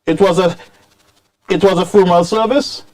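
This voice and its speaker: A man hosting political commentary, scolding and animated, dropping into Creole phrases. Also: sits high, moderate pace. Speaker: commentary show host.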